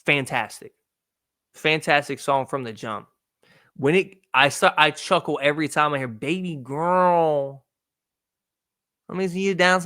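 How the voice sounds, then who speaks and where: A man hosting a podcast, reviewing an album in casual talk, blunt and swearing freely, swinging between loud remarks and mumbled asides. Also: on the high side. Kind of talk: casual profane commentary.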